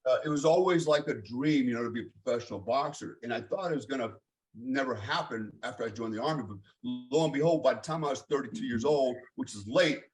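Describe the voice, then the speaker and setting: A man's voice: mid-range voice, quick pace, soft background music. A middle-aged man from the United States telling his life story as an interview guest, blunt and swearing freely, with many fillers.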